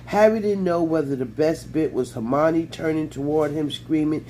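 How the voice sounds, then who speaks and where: Man reading a storybook, mellow tone. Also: on the high side, moderate pace, a little hiss or hum, poor audio. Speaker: audiobook reader.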